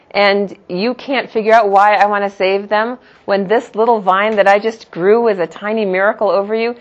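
A woman's voice: medium pitch, highs cut off, natural voice. A woman voicing God, reasoning with a sulking prophet through incredulous rhetorical questions.

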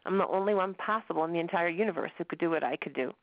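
Woman lecturing, chatty and warm with humor, dull dry audio. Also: on the low side, racing, no room sound. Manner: conversational, with jokes and laughter. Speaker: religion teacher. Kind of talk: class lecture.

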